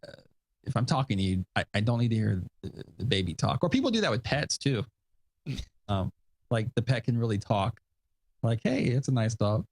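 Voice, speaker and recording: A man's voice: on the low side, animated, normal speed, pauses often, a little mellow, no room sound. A male podcast host chatting casually, rambling with fillers and self-deprecating asides, a father of young kids. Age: adult with young kids. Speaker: show host.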